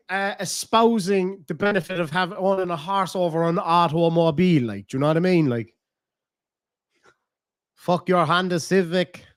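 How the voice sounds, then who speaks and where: A man's voice: fairly high pitch, no echo, studio quality. A man with a Cork Irish accent, chatting casually on a live stream, rambling and swearing freely as he thinks aloud. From Ireland.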